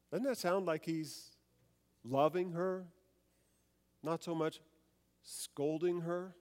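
A man's voice: a little high, slow, pauses often, darkish tone, in a large hall. A man preaching a sermon, reading scripture aloud, then explaining it and putting rhetorical questions to his listeners.

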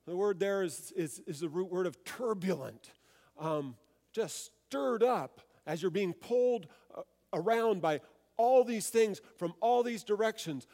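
A man's voice: high voice, animated, a little slow, dark tone, big-room sound. A man preaching a sermon, reading scripture aloud, then explaining it and putting rhetorical questions to his listeners.

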